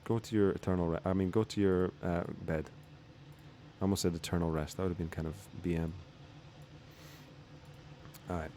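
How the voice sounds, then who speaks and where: A man's voice: low-pitched, steady tone, normal speed, long pauses, dark tone, a little hiss or hum. A young man streaming casually, laid-back and rambling, with some swearing. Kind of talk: casual livestream chat.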